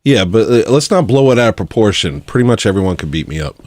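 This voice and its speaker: Man, low voice, loose and lively, dry wit. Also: quick pace, dry recording. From Alaska. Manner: laid-back, laughs easily, dry remarks. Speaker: livestream host. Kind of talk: casual chat.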